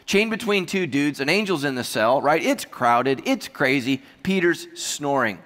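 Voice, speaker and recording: A man with a slightly high voice preaches a sermon, and his jokes and storytelling asides keep it lively. His voice rings out with a long reverb tail, as in a large church auditorium. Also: measured pace. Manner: humorous, animated storytelling with asides. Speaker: pastor.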